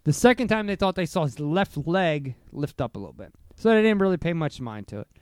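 A man's voice: on the high side, sing-song, fairly quick, a little mellow, clear, resonant tone, no echo, clean studio sound. A man co-hosting a podcast in casual chat, joking, rambling and swearing freely. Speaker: podcast co-host.

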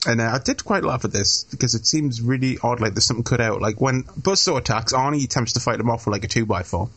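A man's voice: mid-range voice, quick pace, fairly bright tone, husky. Sweary man recapping a film. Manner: sweary, jokey, recaps the plot. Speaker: podcast co-host. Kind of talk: casual film review chat.

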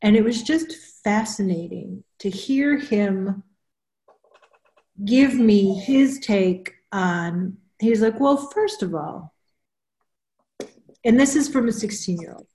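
There's a roomy echo around this woman, a spiritual counselor casually talking on a group video call. She explains without hurry, often says things twice, and has a mid-range voice with a dark tone.

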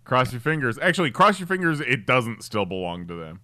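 A man's voice: mid-range voice, big pitch swings, brisk, bright, forceful tone, no echo. A man co-hosting a casual podcast, joking and teasing his friends. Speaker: podcast co-host.

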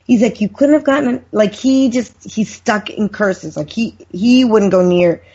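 Husky middle-aged woman, chatty storyteller. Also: medium pitch, dark tone, lo-fi sound. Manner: friendly, drawn-out chatty storyteller. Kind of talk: casual chat.

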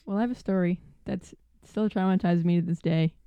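A young woman telling a work story casually on a podcast, animated and full of "like" fillers. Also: on the low side, a little fast, clear, resonant tone, dry recording.

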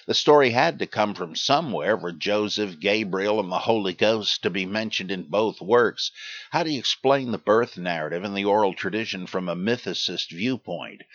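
This podcast host, an older man, reads out listener names and questions in a rambling manner, full of hesitations and dry remarks. His voice sits fairly low and has a slight brightness, captured on a dull lo-fi recording.

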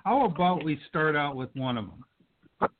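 An upbeat man hosting a call-in radio show, his voice sitting a little high for a man. He talks in an enthusiastic, friendly way. The sound comes through a thin, tinny phone line. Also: lively intonation, unhurried, heavy background noise. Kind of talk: casual call-in radio chat.

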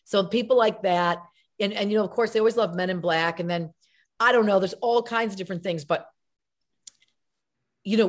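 A middle-aged actress being interviewed, chatting and telling animated stories with acted-out voices. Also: female voice, mid-range voice. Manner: animated storyteller, acts out voices. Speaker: guest actress. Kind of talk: casual interview chat.

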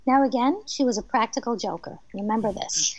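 A woman from New Jersey, a medium and author, telling lively personal stories as a guest in a radio interview, laughing often. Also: fairly high pitch, normal speed, highs cut off. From New Jersey, USA.

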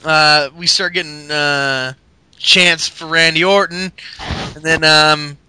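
A man's voice: on the high side, fairly even intonation, slow pace, sharp tone, smooth, no room sound, poor audio. A man co-hosting a podcast, rambling through a wrestling recap in casual, profane chat. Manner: rambling storyteller acting out quotes, profane. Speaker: podcast co-host.

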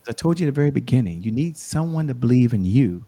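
A man talking as a guest on an interview show, swinging from hushed asides up to excited, high bursts as he tells his story. He moves into preachy encouragement to keep going. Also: fast talker. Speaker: guest, show host and sales coach. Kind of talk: motivational interview talk.

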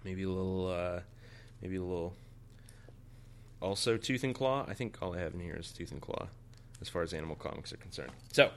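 A man hosting a podcast, reviewing a comic in a playful, excitable casual way. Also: deep voice, fairly quick, pauses often, slight background noise. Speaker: podcast host.

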